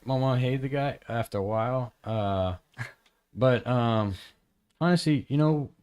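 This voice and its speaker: A man on a podcast telling a story in casual chat, rambling and halting with many fillers and restarts. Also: mid-range voice, darkish tone, clean tone. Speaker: podcast host.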